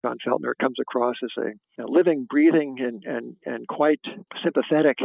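Host, male, gravelly voice, halting with fillers, dry wit, dry phone-line sound. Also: medium pitch, no echo. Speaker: podcast host. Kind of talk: conversational interview.

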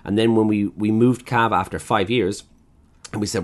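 A man's voice: lowish voice, fairly even intonation, normal speed. A man who runs restaurants, telling blunt, profane stories about customers in a casual conversation, acting out their lines. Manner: blunt storyteller who swears freely and acts out customers. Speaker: chef and restaurant owner.

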